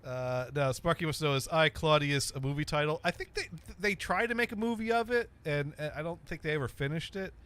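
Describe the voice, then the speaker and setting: A man's voice: a little high, brisk, hardly any pauses, a bit bright, clean tone. A man hosting a casual podcast chat, rambling and stammering with lots of ums and uhs. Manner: rambling, stammering with many fillers. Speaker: podcast host.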